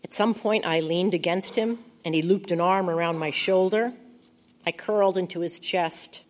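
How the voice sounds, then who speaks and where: An audiobook narrator reads a first-person story, her voice quiet, intimate, and reflective. She pitches a little low for a woman and keeps her delivery close and unhurried.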